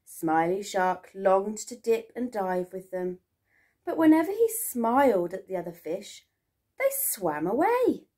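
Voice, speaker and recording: A woman teacher reading a picture book aloud to young children in a sing-song, expressive storytelling manner. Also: mid-range voice, a little slow.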